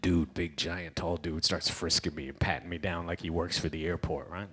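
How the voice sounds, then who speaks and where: A man's voice: low voice, normal speed, husky. A man from Trinidad with a Trinidadian accent, performing a stand-up comedy set on a gala stage and acting out the characters in his stories. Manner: animated storyteller acting out characters. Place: stage at an indoor gala event.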